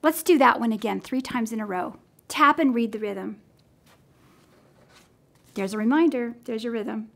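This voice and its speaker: Woman music teacher, unhurried, clear and patient, demonstrating rhythm lessons. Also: fairly high pitch. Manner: clear, patient, counts in and sings along.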